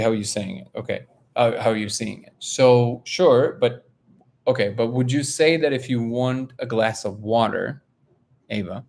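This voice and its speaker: A man from Russia hosting a casual live stream, reading viewer comments aloud and telling a story with lively, high-pitched quotes of other people. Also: vocal fry. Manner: animated storyteller, jumps up in pitch when quoting others. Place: home, living in LA.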